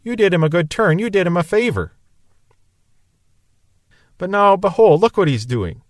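A man's voice: high voice, very animated, normal speed, dry recording, clean studio sound, pitched above the performer's own voice. A man voicing upset male disciples complaining to their teacher, in an aggrieved, indignant way.

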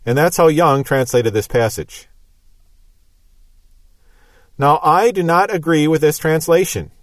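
A man teaches the Bible in an emphatic, methodical manner. His voice sits a little high for a man and sounds dry and close, with no room echo around it. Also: normal speed.

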